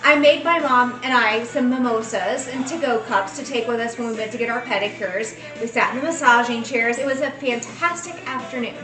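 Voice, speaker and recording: A woman's voice: a little high, fairly quick, hardly any pauses, echoey room, far from the mic, music in the background, poor audio. A woman in her forties co-hosting a casual chat, talking enthusiastically and rambling with fillers. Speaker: co-host.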